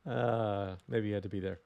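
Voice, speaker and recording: A man's voice: fairly low pitch, gravelly, a bit bright, no echo. Wry man with a New York accent. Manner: wry, reads chat aloud. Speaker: commentator. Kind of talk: live game commentary.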